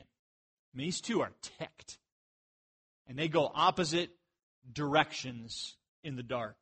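A man preaching a sermon, telling jokey stories and breaking into animated outbursts. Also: a little high, takes it slowly, pauses often, breathy edge. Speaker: pastor.

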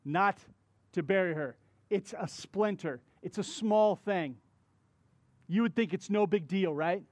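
A male pastor delivering a sermon in a conversational, animated style, retelling a story with asides to the congregation. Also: sits high, unhurried, dry recording.

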